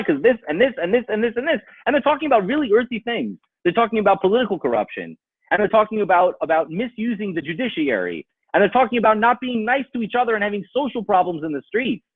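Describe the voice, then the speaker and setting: A man's voice: sits high, slightly rough, no echo, narrow, tinny audio. A man speaking as a rabbi, giving an emphatic talk to a live audience, full of rhetorical questions and repeated phrases.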